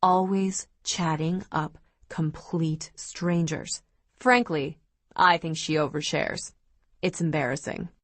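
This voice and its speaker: A wry teenage boy who teases with blithe, deadpan ease, as a woman narrator reads him. He drawls his lines slowly and leisurely, in a dry, close audiobook sound with no room around it. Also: deep voice, dry recording, full character voice. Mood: teasing.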